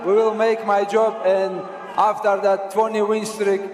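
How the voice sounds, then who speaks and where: A man answering at a press conference in halting, simple phrases, recorded in a large hall. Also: high voice, little pitch movement, some chatter behind. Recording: echoey hall audio with room noise.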